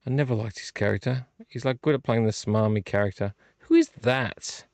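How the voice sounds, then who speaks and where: A middle-aged man with a gravelly, fry-laden voice chats casually as a vlog host, rambling and thinking aloud. He sounds close to the mic in a dry space with no echo. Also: mid-range voice, brisk, a little mellow. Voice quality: rambling, thinks aloud while handling discs. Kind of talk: casual late-night chat. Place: home room.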